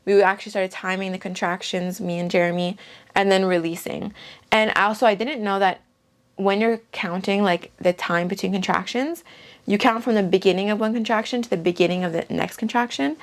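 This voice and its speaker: A young woman recounts a personal story straight to camera at a middle pitch. Her talk is casual and chatty, full of "like" and small restarts as she goes. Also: fairly even intonation, fairly quick. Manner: chatty, peppered with "like". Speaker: vlogger.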